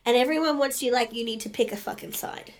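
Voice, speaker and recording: A woman's voice: fairly high pitch, fast. A woman co-hosting a podcast, casually explaining history, laughing often and swearing freely. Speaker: podcast co-host.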